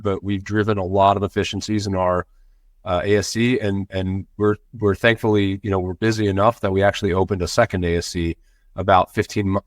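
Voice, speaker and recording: A man who is a physician guest on a podcast, explaining things in a measured, conversational way. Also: on the low side, dry recording, studio quality. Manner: measured, explanatory, with many fillers. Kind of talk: conversational interview answers.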